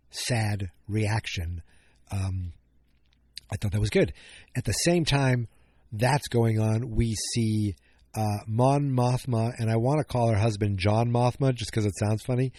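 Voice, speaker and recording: A man's voice: fairly low pitch, steady tone, a little slow, warm tone, no room sound, studio quality. A man hosting a podcast, recapping an episode in a casual, rambling way, often correcting himself and cracking jokes. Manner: rambling, self-correcting, jokey. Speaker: podcast host.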